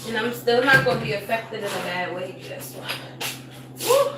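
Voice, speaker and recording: A woman reading tarot on a live stream, with a voice pitched a touch high. She speaks bluntly and swears freely in a loose, chatty way. The home recording carries a clear layer of noise. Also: brisk. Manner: blunt, swears freely, talks about energy. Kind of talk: casual live-stream chat. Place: at home with her young son nearby.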